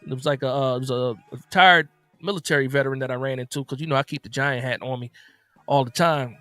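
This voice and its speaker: A man from New Jersey with a slight Southern lilt, hosting a casual sports livestream, reading chat comments aloud and answering in a relaxed, repetitive way. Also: medium pitch, fast, dry recording, soft background music. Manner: reads chat comments aloud and responds, laid-back, repeats phrases. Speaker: livestream host.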